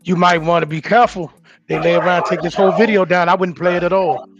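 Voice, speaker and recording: A man's voice: high voice, fairly even intonation, quick pace, lo-fi sound, a loud crowd. A man speaking as a guest on a casual live talk show, blunt and wry, in street slang.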